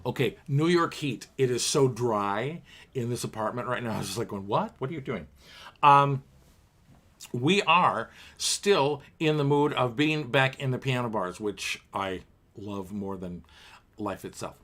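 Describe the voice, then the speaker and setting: A man's voice: mid-range voice, lively intonation, measured pace, a bit bright. A man hosting a home livestream piano bar, singing show tunes and chatting playfully with viewers as he reads their comments aloud. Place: home apartment.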